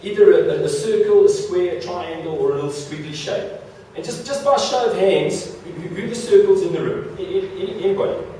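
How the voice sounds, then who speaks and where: A man's voice: high-pitched, a little fast, warm tone, a little hiss or hum. A man giving a playful motivational talk to a live audience, joking and stumbling over repeated words. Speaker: motivational speaker. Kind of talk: stage talk with audience interaction. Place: large hall before an audience. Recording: echoey hall, mic far off.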